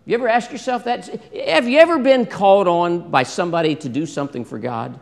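Male pastor, high and animated, gravelly edge, long church reverb. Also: brisk. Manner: animated, acts out biblical dialogue, asks congregation questions. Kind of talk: sermon.

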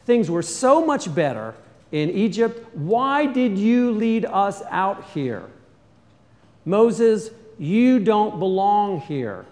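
A male preacher voicing a grumbling crowd of wandering Israelites, whining and pleading in drawn-out complaints. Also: high-pitched, big pitch swings, darkish tone, long reverb tail, pitched above the performer's own voice, full character voice. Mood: complaining.

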